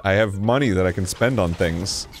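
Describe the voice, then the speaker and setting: A man in his thirties co-hosting a let's play, bantering playfully and jumping into loud squeaky bits. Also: normal speed, faint music behind. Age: 30s. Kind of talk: casual gaming banter.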